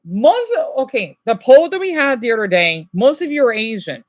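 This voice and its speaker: A man's voice: very high voice, big pitch swings, normal speed, highs cut off. A stressed man vlogging, ranting to his viewers in an agitated, rambling way, swearing and then apologizing. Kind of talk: unscripted emotional rant to viewers.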